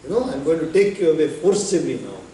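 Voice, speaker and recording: Yama, wrathful death god, as a swami tells it. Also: male voice, fairly high pitch, very animated, fast talker, dark tone, slight background noise. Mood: angry. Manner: imperious, threatening. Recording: echoey room, distant mic.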